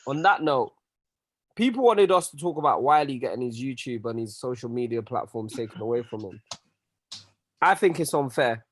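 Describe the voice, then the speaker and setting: A man's voice: medium pitch, lively intonation, normal speed, no room sound. A man, co-hosting a casual podcast chat and giving firm opinions in plain, level talk. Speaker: podcast co-host.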